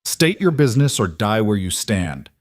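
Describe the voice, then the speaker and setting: A man's voice: on the low side, very animated, moderate pace, dry recording, clean studio sound. A man voicing a huge, scarred, fierce wolf-pack alpha who growls his lines in a thick northern accent and speaks with solemn weight. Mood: menacing.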